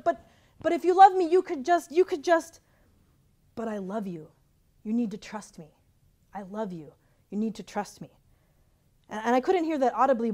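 A woman giving a sermon in a gentle, reflective way, often trailing off softly at the ends of phrases and telling a personal story. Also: medium pitch. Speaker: pastor.

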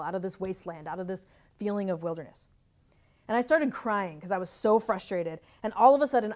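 A woman giving a sermon in a gentle, reflective way, often trailing off softly at the ends of phrases and telling a personal story. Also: mid-range voice. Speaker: pastor.

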